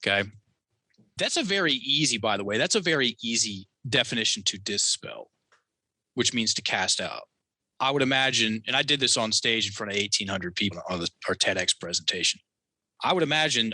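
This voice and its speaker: A man telling a personal story as a podcast guest, animated and acting out the quotes in his story. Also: on the low side, brisk, husky, no echo. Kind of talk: storytelling in a conversational interview.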